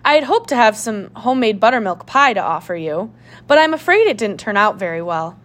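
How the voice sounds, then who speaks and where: A woman's voice: mid-range voice, big pitch swings, a little fast, fairly bright tone. A woman voicing a fussy, chatty middle-aged housewife who sounds a little dismissive.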